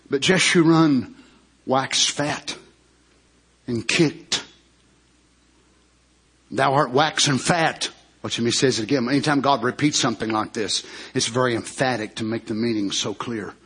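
A pastor preaches a sermon, swinging between shouted climaxes and low, hushed asides while stretching out emphatic words. His voice has a breathy edge.

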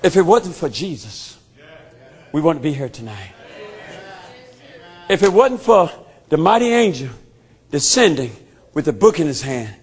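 A man preaching a sermon with emphatic call-and-response, often shouting and then dropping low. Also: sing-song, unhurried, pauses often, husky.

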